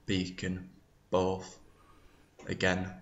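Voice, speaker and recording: A man from England with a Manchester accent, reading a word list and answering questions in an unhurried, flat way. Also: deep voice. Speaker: interviewee in a played clip. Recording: dull lo-fi clip with faint noise.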